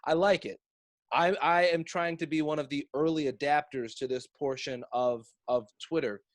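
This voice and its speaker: Male podcast host, casual and sardonic, slightly higher voice, dry close sound. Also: steady tone, moderate pace, no echo. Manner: wry, sarcastic, swears freely.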